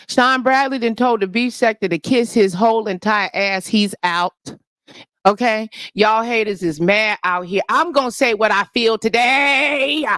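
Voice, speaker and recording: A woman's voice: medium pitch, a bit bright, no room sound, clean studio sound. A woman hosting a casual livestream, talking in a brash, profane, gossipy rant. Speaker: livestream host.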